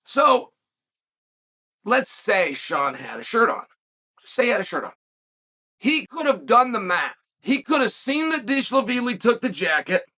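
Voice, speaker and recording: The host is a middle-aged man from the western US whose voice is high. Alone on his animated commentary, he recounts the story in emphatic bursts of shouting.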